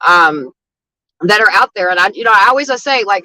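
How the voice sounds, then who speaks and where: A woman's voice: mid-range voice, animated, fairly quick, sharp tone, dry recording, rough recording. A woman street outreach advocate telling stories in a casual chat, frank and blunt, with frequent swearing. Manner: frank and blunt, with frequent swearing and "you know what I mean".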